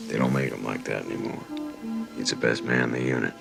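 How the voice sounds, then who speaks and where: A weary, gravelly border agent. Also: male voice, a bass voice, fast talker, over loud music, exaggerated voice. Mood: wry. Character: weary, cynical male border patrol agent. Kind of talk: film dialogue.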